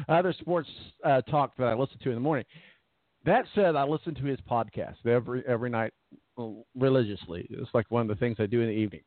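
A man's voice: medium pitch, no room sound. A man co-hosting sports talk, loose and jokey, drifting into side stories as he talks. His voice comes through thin and tinny like a phone line, with a dry, close sound and no room around it. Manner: jokey, rambling, trails into asides. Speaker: sports talk show co-host. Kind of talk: casual sports radio banter.

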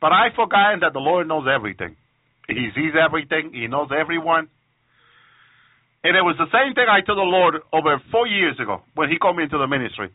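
A man's voice: on the high side, big pitch swings, dry recording, narrow, tinny audio. A man giving an emotional testimony sermon, often stopping to praise God and restarting his sentences. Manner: emotional, repeats praise phrases, halting restarts. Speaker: preacher on a radio program.

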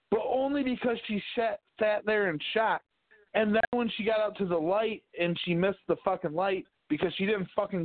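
Cursing guy ranting on a podcast, kinda high voice, tinny dry sound. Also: dry recording. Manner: profane, ranting storyteller. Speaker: podcast co-host. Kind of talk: casual chat. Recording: dry, phone-like tinny audio.

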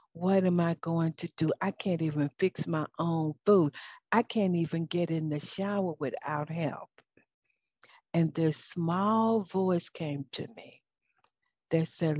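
A woman host speaks on her own show, slowly and in a lowish voice, heartfelt and faith-filled as she talks straight to her listeners. She often stumbles and restarts her sentences. The sound is dry and close to the mic. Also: dark tone, no echo. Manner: frequent fillers and stammered restarts. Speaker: talk show host and life coach. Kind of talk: solo talk show monologue.

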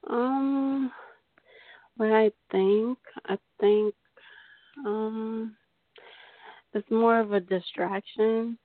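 A woman's voice: on the high side, fairly even intonation, extremely slow, pauses often, dry recording. Woman from california calling a radio show, lots of ums, dry tinny phone sound. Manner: hesitant, lots of ums and restarts. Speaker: caller.

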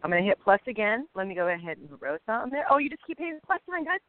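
A woman co-hosting a casual faith podcast, talking excitedly and urging listeners on. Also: mid-range voice, racing, dry recording. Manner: excitable, emphatic, exhorting listeners. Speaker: co-host. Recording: tinny phone-like sound.

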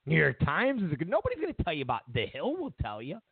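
A talk show host with a fairly high, creaky, husky voice rants very fast, profane and mocking throughout. His animated commentary has a dry, tinny, phone-like quality and no room sound.

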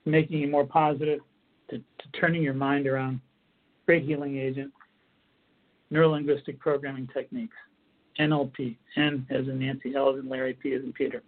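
Husky guy explaining coping stuff, kinda repeats himself, sounds like a phone line. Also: mid-range voice, flat delivery, a little fast. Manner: earnest, repetitive, restarts phrases while explaining. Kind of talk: instructional talk. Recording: tinny phone-like audio.

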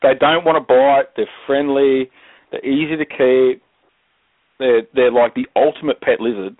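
An Australian man as the guest, chatting casually and jokily with drawn-out pauses. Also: medium pitch, steady tone, no room sound. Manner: laid-back, jokey, chuckling, drawn-out um pauses. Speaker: guest reptile expert. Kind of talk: casual podcast chat. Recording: phone-like call line, dry.

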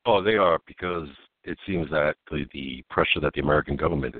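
A man's voice: extremely low pitch, fairly quick, no room sound. A man co-hosting a political talk radio show, telling stories animatedly and laughing as he goes. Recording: phone-line quality.

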